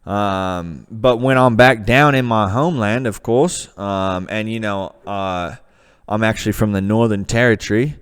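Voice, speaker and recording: A man's voice: on the low side, a little slow, smooth, lightly acted. A man putting on a mock Australian bushman. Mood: mock earnest. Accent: put-on Australian. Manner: rambling, hesitant, full of ums.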